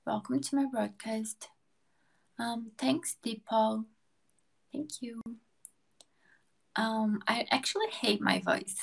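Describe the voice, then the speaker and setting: A young woman from Brazil chatting softly with viewers on a live stream at night, often drifting into a whisper and filling gaps with ums. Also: on the high side, gravelly. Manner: slow, soft-spoken, with frequent ums and light laughs.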